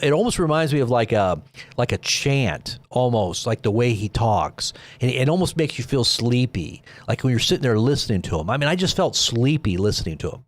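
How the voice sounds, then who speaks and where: A man hosting a live commentary stream, talking in a rambling, preachy way full of warnings. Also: medium pitch. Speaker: commentary host.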